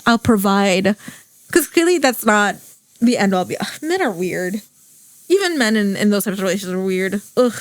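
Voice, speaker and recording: A woman's voice: fairly high pitch, dry recording. Gushing young woman podcaster, dry close sound. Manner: gushing, animated storytelling with lots of "like". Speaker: podcast host. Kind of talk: casual chat.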